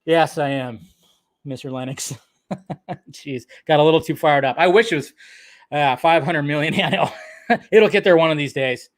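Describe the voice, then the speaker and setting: A man hosting his own live stream, speaking at a fairly high pitch. He rants in an excitable way, swears freely and laughs off his own slips. It sounds like a home desk microphone. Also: moderate pace, long pauses. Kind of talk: ranting live-stream commentary.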